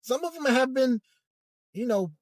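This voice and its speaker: A man with a fairly high voice talks through a casual monologue from the driver's seat, stopping and restarting his sentences as he searches for words. The sound is dry and close, with no room echo. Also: lively intonation. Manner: hesitant, halting, many restarts and fillers. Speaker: vlogger. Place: in a car.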